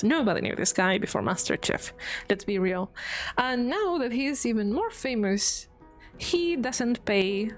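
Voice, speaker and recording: A woman from Spain with a Spanish accent, chatting casually on her stream, giggling often and swearing freely. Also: medium pitch.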